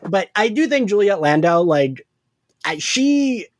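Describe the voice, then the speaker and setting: A man co-hosting a fan podcast, chatting excitedly and laughing often, with lots of fillers. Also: high-pitched, takes it slowly. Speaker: podcast co-host. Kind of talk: casual fan podcast chat.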